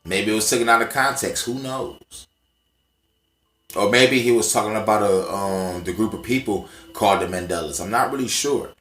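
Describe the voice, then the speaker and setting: A man talks straight to the camera in a loose, profane monologue, leaning hard on his points. His voice sits a little low. The room around him rings with noticeable echo. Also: moderate pace, a bit bright. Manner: profane, emphatic, conversational storytelling. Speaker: vlogger. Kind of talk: casual ranting monologue.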